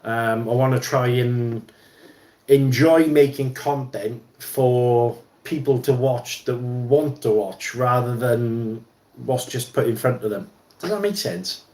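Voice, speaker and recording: Slow and somewhat dark in tone, a man's medium-pitched voice carries a casual livestream chat while he repairs an RC car at his bench. He wanders off track with many ums and restarts, and the space sounds roomy.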